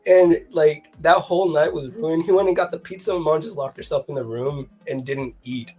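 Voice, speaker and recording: A husky-voiced guest tells a story in lively casual chat, full of fillers and bursts of laughter. Soft music plays faintly underneath the talk. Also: mid-range voice, moderate pace.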